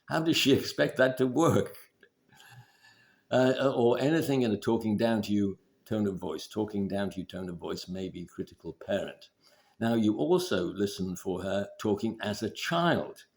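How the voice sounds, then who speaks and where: A man giving relationship advice in a measured, deliberate instructional talk. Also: fairly low pitch. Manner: measured, deliberate, steady explaining.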